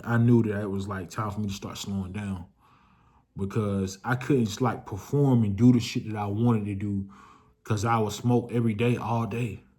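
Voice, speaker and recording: A young adult man telling a story to his viewers in a loose, slangy, casual way, swearing freely, his voice jumping up when excited and dropping low when reflective. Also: moderate pace. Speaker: vlogger.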